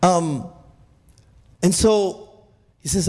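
A man preaching with a high, gravelly voice that rings out in a hall with a long reverb. He is animated, stumbles and repeats words, and keeps calling for amens from the congregation. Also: a little slow. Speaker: pastor. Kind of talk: sermon.

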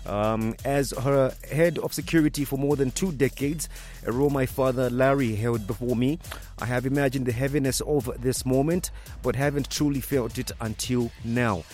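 A man's voice: medium pitch, moderate pace, few pauses, darkish tone, soft background music. A man hosting a radio news segment, hesitant and full of fillers. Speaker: radio host. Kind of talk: news commentary.

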